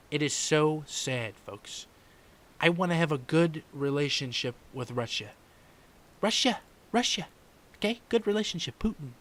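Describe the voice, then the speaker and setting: A man doing a comedic impression of a brash older male politician who rambles in circles and lets "folks" and "okay" trail off quietly. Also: fairly high pitch. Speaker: podcast host doing an impression.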